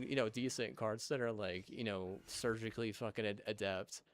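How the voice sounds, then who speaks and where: A man's voice: fairly low pitch, fairly even intonation, normal speed. A young man rants at length. He rambles and swears constantly, piling up fillers and false starts as he goes. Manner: rambling, profane, many fillers and restarts. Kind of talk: profane rambling rant.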